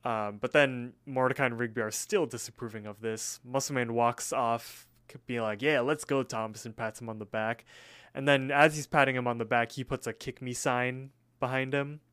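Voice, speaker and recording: A man's voice: mid-range voice, fairly even intonation, moderate pace, a bit bright, clean tone. A man co-hosting a podcast, recapping a cartoon episode in a laid-back way, full of "he's all like" quotes. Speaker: podcast co-host.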